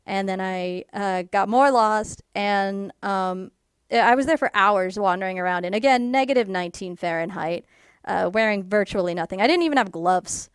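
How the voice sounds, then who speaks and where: A woman casually telling a personal story to camera in a rambling way, full of fillers, and animated when she quotes people. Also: mid-range voice, clear, resonant tone, no echo, studio quality. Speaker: YouTuber.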